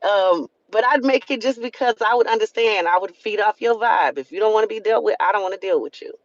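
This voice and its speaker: A woman's voice: medium pitch, brisk, dry recording. Earnest Southern woman preaching on a live stream. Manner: earnest, preachy, repeats phrases for emphasis. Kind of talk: motivational live-stream talk. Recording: dull lo-fi sound.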